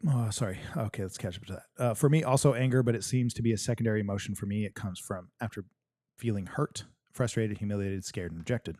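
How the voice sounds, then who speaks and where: A man hosts a live stream and talks straight to his viewers, blunt and joking, with plenty of swearing. His voice sits low and sounds warm and relaxed. The sound is dry and close, with no room around it. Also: no echo. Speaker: podcast host reading live chat. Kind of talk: casual livestream chat.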